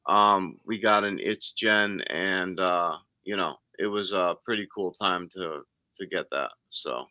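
A man appearing as a guest paranormal investigator on a podcast, telling his stories eagerly and excitably in casual chat. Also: sits low, slow pace, dry recording.

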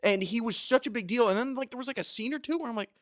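A man's voice: extremely high pitch, very fast. A man co-hosting a casual movie podcast, cracking crude jokes. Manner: crude, jokey. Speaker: podcast co-host. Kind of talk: casual chat.

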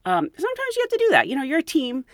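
Animated woman telling work stories. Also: sits high, rapid-fire, no echo, clean studio sound. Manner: animated, laughs often, acts out quotes. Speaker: podcast host and flight attendant. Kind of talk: anecdotal storytelling.

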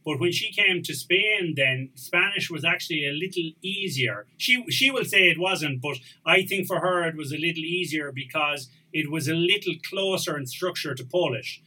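Bright-voiced Irish man, relaxed and anecdotal. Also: fairly high pitch, moderate pace, few pauses, low-quality recording. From Ireland. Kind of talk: casual conversation.

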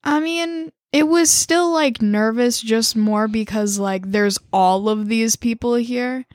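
A young woman co-hosting a casual podcast, tired with a low morning voice, laid-back and full of "like". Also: slow pace, a little mellow, dry recording, clean studio sound. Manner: laid-back, short replies, filler "like". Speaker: podcast co-host.

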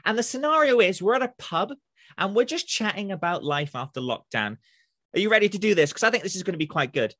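Upbeat high-voiced male podcast host. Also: big pitch swings, fast talker, sharp tone, dry recording, clean studio sound. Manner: upbeat, effusive, stumbling. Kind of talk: casual podcast interview.

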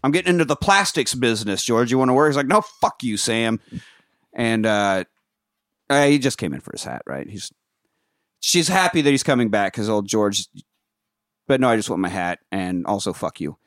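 Animated young man recapping a movie. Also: mid-range voice, moderate pace, no echo, studio quality. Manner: crude joking, acts out characters in quotes. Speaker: podcast host. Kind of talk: casual comedic movie recap.

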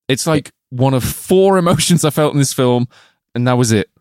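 A man's voice: mid-range voice, moderate pace, a little mellow, no room sound, studio quality. A man co-hosting a comedy film podcast, swearing, joking and laughing often in casual chat. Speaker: podcast co-host.

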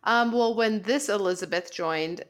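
A woman co-hosts a podcast in loose, casual chat. She fills her talk with "like" and breaks into laughter often. Her voice sits at an ordinary middle pitch. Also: unhurried. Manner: chatty, laughs often, says "like" a lot. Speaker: podcast co-host.

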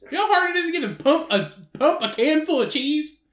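A man with a high voice that leaps around a lot, telling stories in a crude, joking podcast chat. His voice rings in an echoey room. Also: fairly quick. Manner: crude, joking, animated storytelling. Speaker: podcast co-host. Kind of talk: casual chat.

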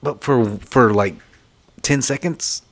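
A man's voice: mid-range voice, slow pace. A man in casual podcast chat, musing and asking questions.

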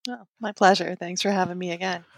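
A woman's voice: on the low side, steady tone, fast, dry recording. A woman guest on a podcast, joking casually and giggling between lines.

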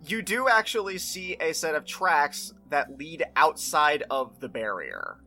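A game master narrating a tabletop game in a measured, dramatic way with pauses. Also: mid-range voice, sing-song, bright, forceful tone, faint music behind.

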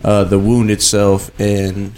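Swearing, animated man telling stories. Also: lowish voice, takes it slowly, slight background noise. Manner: animated storyteller, swears a lot, acts out quotes. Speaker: podcast co-host. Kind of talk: casual chat.

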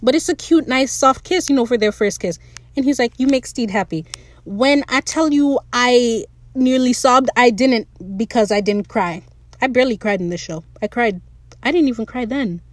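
A young woman recapping a TV episode in an excited, playful, gushing way. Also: fairly high pitch, moderate pace, no room sound. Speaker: podcast host reviewing a show.

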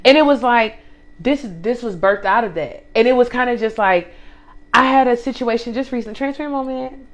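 A young woman hosting a casual faith chat, animated and preachy, who drops into quiet asides. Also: a little high, fairly quick, a little hiss or hum. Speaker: podcast host.

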